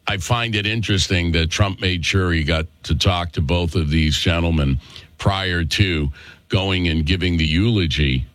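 A man's voice: low voice, a bit bright, no room sound. A male talk show host with a Worcester, Massachusetts accent, delivering a chatty, opinionated monologue and calling listeners folks.

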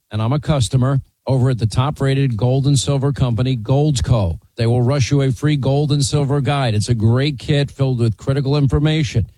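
A man's voice: warm tone, no room sound. A man hosting a talk radio show, reading an emphatic sponsor ad. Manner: emphatic, pitching. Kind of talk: host-read radio ad.

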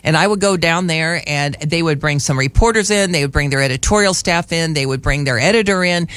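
A man's voice: a little high, fairly quick, fairly bright tone, no room sound. A man in his sixties hosting a talk radio show, telling stories in a chatty way with many restarts. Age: 60s. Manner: chatty storyteller, frequent restarts. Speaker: radio host. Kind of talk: casual talk radio chat. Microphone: studio mic.

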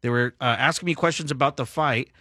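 Bright-voiced slangy storytelling man. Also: medium pitch, fast talker, no room sound, studio quality. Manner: slangy, animated, acts out quoted people. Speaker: podcast host telling a story. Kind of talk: casual storytelling chat.

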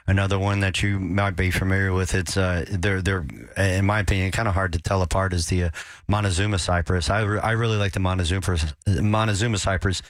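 A man's voice: low voice, flat delivery, fairly quick, no room sound. A man hosting a call-in garden radio show, giving advice in a friendly, folksy way with frequent restarts. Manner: friendly, folksy, repeats words.

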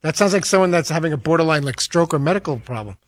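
A man with a slight lisp bantering on a radio show, quick and self-mocking. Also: a little high, animated, dry recording, studio quality. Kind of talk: casual studio banter.

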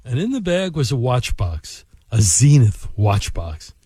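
Animated man telling a story. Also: mid-range voice, unhurried, slightly rough, no room sound. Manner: animated, expressive. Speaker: podcast host and storyteller. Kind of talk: anecdotal storytelling.

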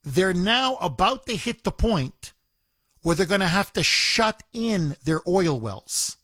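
A man's voice: high voice, sing-song, takes it slowly, bright, forceful tone, husky, dry recording. A man hosting a call-in radio show, talking emphatically and repeating words and phrases to drive his point home. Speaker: talk radio host. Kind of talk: opinionated call-in radio talk.

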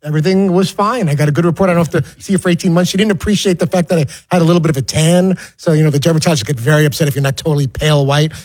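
A male radio co-host chats casually, teasing and matter-of-fact. He talks extremely fast, his voice a little higher than most and husky. The delivery stays conversational throughout. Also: steady tone, a little mellow. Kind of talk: casual radio show chat.

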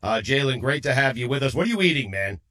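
A man's voice: medium pitch, big pitch swings, quick pace, bright, forceful tone. A man hosting a sports radio show, interviewing a guest in casual chat and laughing easily.

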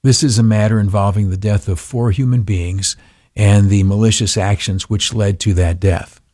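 A man's voice: fairly low pitch, fairly even intonation, moderate pace, a little mellow, no echo, studio quality. A male talk radio host giving blunt, opinionated commentary, rambling with many ums and uhs. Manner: rambling, heavy fillers, blunt.

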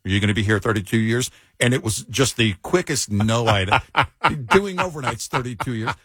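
A man's voice: mid-range voice, moderate pace, a bit bright, breathy edge, no room sound. A middle-aged man who co-hosts an overnight radio show, chatting casually with wry, dry humor. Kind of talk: casual chat.

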